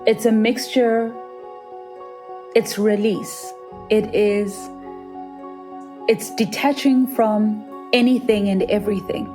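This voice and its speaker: In a reflective interview, an earnest South African woman who freedives appears as a guest and recounts a dive. Her storytelling is vivid, and when she quotes others she raises her pitch to act out their voices.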